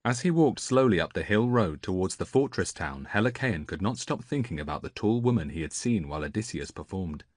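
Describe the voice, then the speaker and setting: Man narrating an audiobook, very low voice, dry close sound. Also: expressive, fairly quick, few pauses, dry recording. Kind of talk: scripted narration.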